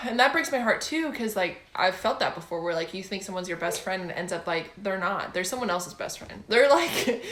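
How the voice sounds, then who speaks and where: Excitable woman gushing in an echoey room. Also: medium pitch, slight background noise. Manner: gushing and excitable, breaks into laughter. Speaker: book vlogger. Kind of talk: casual book review chat.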